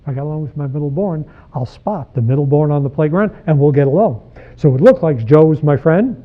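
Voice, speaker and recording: A man's voice: fairly high pitch, a little fast. A man in his sixties, a psychologist giving a direct, conversational talk to parents and putting questions to the audience. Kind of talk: lecture to parents. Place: church hall. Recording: tinny phone-like sound.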